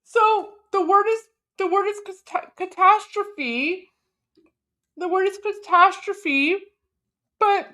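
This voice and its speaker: A woman hosting a reaction stream, eating while she mockingly comments on a clip and switches between English and halting French. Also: very high voice. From Canada. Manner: mocking, scornful and animated. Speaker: host.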